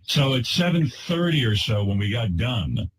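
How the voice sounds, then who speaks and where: A man's voice: medium pitch, very animated, moderate pace, over a noisy crowd. A man on an old radio show, defensively explaining himself to his co-hosts. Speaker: radio host in an archive clip.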